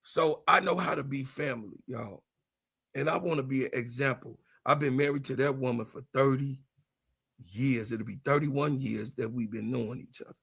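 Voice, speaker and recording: A man in his fifties hosting a sports livestream, ranting in a heated, profane way, repeating himself and rising into shouts. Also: medium pitch, moderate pace, gravelly, husky. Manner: profane, repetitive, raises voice into shouts. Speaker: sports channel host.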